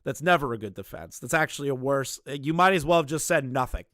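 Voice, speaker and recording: A man's voice: medium pitch, animated, quick pace, fairly bright tone, no room sound, clean studio sound. A young man streaming live, ranting bluntly with lots of swearing and repeated phrases.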